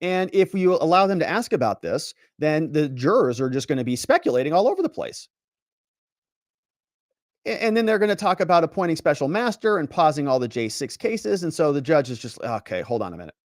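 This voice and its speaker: A man in his thirties hosting a legal commentary show. His voice sits a bit high and swings widely in pitch as he acts out both sides of a courtroom clash. It sounds close and dry. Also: big pitch swings, brisk, no echo. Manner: dramatic retelling, acting out the lines of judge and lawyers.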